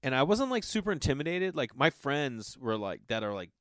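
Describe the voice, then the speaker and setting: Dude rambling through a story, says like a lot, dry close sound, average pitch. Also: male voice, sing-song, brisk, dry recording. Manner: rambling, with constant filler 'like'. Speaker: actor telling a story. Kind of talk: casual anecdote.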